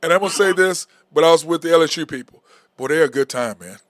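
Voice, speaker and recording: A man's voice: on the high side, quick pace, no room sound, clean studio sound. A man hosting a sports talk show, talking bluntly and with animation in casual sports chat. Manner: blunt, animated, says "okay?" and "bro" a lot.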